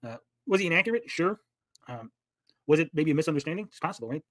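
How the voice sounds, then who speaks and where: Swearing a lot and arguing heatedly, a man reacts to clips while hosting a livestream. His slightly high, somewhat bright voice is animated and quick-paced, captured in a dry recording.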